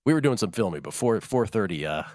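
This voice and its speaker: A man's voice: on the low side, big pitch swings, fast, darkish tone, dry recording, clean studio sound. A man hosting a sports betting show, chatting casually with rambling asides.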